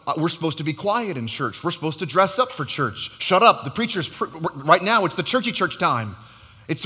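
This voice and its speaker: A man preaching a sermon in a large church, energetic and joking, calling out to the congregation. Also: high voice, husky. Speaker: pastor. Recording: long reverb of a church hall.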